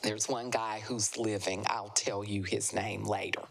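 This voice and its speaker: Low-voiced slow-talking woman storyteller. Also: vocal fry, over a noisy crowd. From American South. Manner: animated, acts out quoted voices. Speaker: author guest. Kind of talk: conversational storytelling. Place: live literary event.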